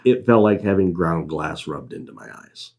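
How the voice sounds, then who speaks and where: A man giving casual writing advice, telling anecdotes in an unhurried, storytelling way with frequent asides. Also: sits low. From New England, USA. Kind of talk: casual talk on writing craft.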